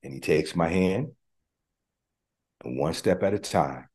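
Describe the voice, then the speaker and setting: A male preacher delivering a livestreamed sermon with call-and-response, at times quiet and emotional in prayer. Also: low voice, expressive, a little slow.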